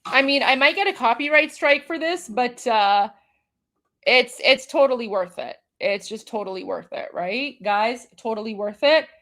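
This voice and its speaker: A woman from Iran hosts a casual livestream, reacting to video clips. Her voice sits high, and she talks in an incredulous, mocking tone, full of fillers and rhetorical questions. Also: lively intonation, moderate pace, a bit bright. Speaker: livestream host.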